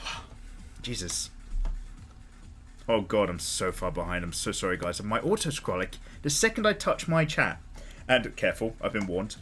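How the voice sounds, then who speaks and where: A man in his thirties chats casually while streaming, with a lively voice that swings up and down in pitch. He talks in a loose, sweary, openly emotional way, and soft music plays behind him. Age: 30s. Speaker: artist streaming live. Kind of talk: casual livestream chat.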